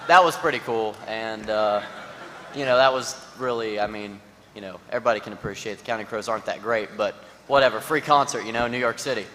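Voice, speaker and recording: A man's voice: lowish voice, a little fast, fairly bright tone. A man on a conference panel telling a casual story in a laid-back, rambling way. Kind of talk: casual anecdote on stage. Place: large conference hall. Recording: reverberant hall, faint noise.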